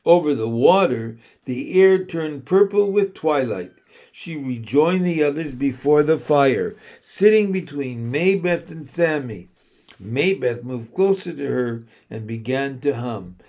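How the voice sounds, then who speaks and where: A man reading a children's novel aloud as a slow, measured narrator. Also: mid-range voice, expressive, a little mellow. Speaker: audiobook reader. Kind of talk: scripted narration.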